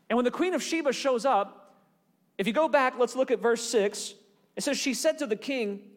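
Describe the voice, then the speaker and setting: A man preaching with a high, light voice, reading scripture aloud and retelling its stories with lively acted-out voices. His voice rings with a long hall reverb. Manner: animated storytelling, acts out voices in Bible stories. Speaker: pastor. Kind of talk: sermon.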